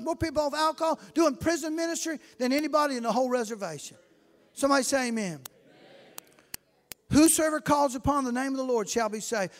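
A preacher with a strikingly high voice tells his story and builds to fervent cries. A long reverb from a large church hall trails each phrase. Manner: storytelling, rising to fervent shouts. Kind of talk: sermon.

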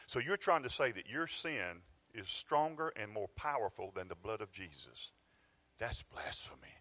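Preaching from a church sanctuary, this middle-aged Georgia pastor speaks on the low side with a sing-song, sharp tone at a moderate pace. His sermon is folksy and conversational, punctuated by bursts of emphasis.

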